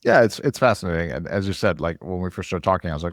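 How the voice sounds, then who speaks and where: A man's voice: deep voice, expressive, fast, dry recording, studio quality. A man from Minnesota hosting a podcast in casual interview chat, rambling and restarting sentences. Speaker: podcast host.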